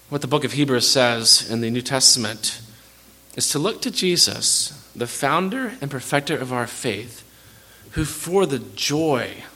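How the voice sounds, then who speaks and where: Bright, forceful preaching man. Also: mid-range voice. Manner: earnest and direct, often repeats words as he restarts a phrase. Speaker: pastor. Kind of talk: sermon.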